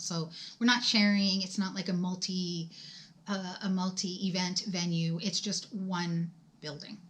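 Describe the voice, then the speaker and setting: Chatty, emphatic middle-aged woman vlogger. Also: mid-range voice. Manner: chatty, emphatic, talks straight to viewers. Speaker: vlogger telling a personal story. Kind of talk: casual storytime chat. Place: at home.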